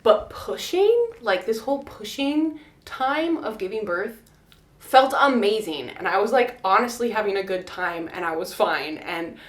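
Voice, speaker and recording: A young woman chats to her camera, telling a story with lots of laughter and lively acted-out quotes. Her voice sits at a medium pitch, and the room adds a noticeable echo. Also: a little slow. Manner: animated, laughs often, acts out quotes in high voice. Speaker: vlogger. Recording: echoey room.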